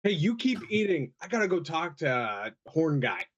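A man's voice: a little high, big pitch swings, normal speed. A man playing a tabletop game, playful and bouncy. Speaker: player. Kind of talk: casual tabletop game play. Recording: slightly dull lo-fi mic.

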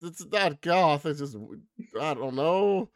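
A man playing a tabletop game, excitable and stammering. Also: a little high, slow pace, no echo, clean studio sound. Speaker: player. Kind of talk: casual tabletop game play.

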